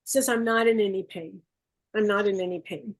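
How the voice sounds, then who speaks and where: A woman giving a psychic gallery reading over a video call, coaxing and relaying messages in quick bursts. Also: mid-range voice, fairly even intonation. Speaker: psychic medium. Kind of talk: live online gallery reading.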